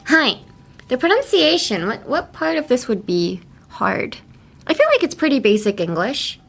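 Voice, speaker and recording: A woman's voice: high voice, big pitch swings, gravelly, a bit bright. Chatty young woman teaching English. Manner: chatty, laughs often, models phrases slowly. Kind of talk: casual podcast English lesson.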